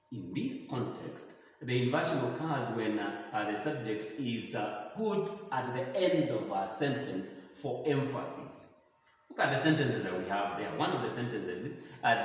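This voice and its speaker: Hesitant Kenyan English teacher, echoey room. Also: male voice, medium pitch, expressive. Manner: hesitant, many filler "uh"s, slow careful reading of example sentences. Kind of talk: recorded grammar lesson. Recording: echoey room, voice from far off the mic.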